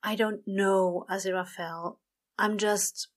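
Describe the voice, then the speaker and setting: A woman reading a story aloud and voicing a tired, frightened male demon who mutters in a low, worn voice. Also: steady tone, slow pace. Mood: desperate.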